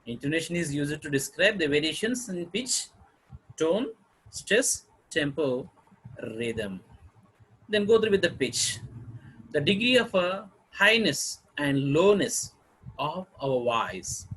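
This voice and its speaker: A man giving a phonology lecture, halting often with fillers and repeating phrases. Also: a little high, lively intonation, fairly bright tone, breathy edge, poor audio.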